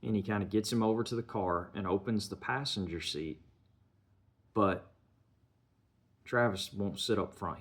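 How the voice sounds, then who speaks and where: A man's voice: deep voice, fairly bright tone. A man retelling a film's plot in a loose, conversational way, full of "you know" and "kinda" fillers. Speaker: film reviewer. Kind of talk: casual film plot recap.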